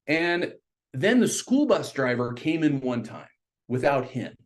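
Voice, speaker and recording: A middle-aged man telling a story in casual conversation, animated and jumping up into high voices when he quotes people. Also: measured pace. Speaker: podcast guest.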